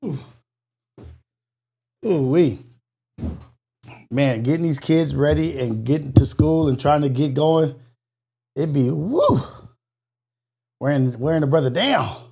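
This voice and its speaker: A slightly high-voiced man hosts a morning show, out of breath as he chats casually with his viewers. He talks with lively exclamations and slips into preachy motivational encouragement. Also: slow, vocal fry, pauses often, slightly rough. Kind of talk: casual live call-in chat.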